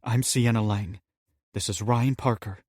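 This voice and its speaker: A man's voice: medium pitch, fairly even intonation, measured pace, a little mellow, husky, no echo, studio quality. A man voicing a determined young woman survivor who speaks earnestly and pleads for help. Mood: urgent.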